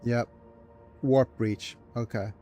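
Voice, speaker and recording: Slow-talking man murmuring over a game. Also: fairly even intonation, soft background music. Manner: slow, hesitant, muttering through game menus; soft low-key delivery, calling it his ASMR voice. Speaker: gaming video host. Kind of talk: let's play commentary.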